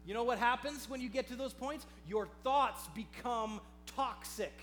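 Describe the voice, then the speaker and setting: A man preaching a sermon as pastor, swinging from hushed, low delivery to loud, impassioned outbursts and reading scripture aloud dramatically. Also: a little slow, soft background music.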